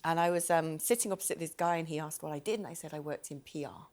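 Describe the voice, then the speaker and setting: A woman's voice: deep voice, fast, a little mellow. Dry-witted woman panelist. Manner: dry, wry storytelling. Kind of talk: studio panel chat. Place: TV studio.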